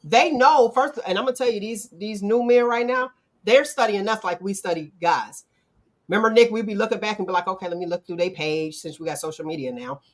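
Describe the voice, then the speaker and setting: A middle-aged woman hosting a casual talk show, animated and acting out quotes in playful voices. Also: medium pitch, fairly quick. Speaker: podcast host. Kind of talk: casual chat.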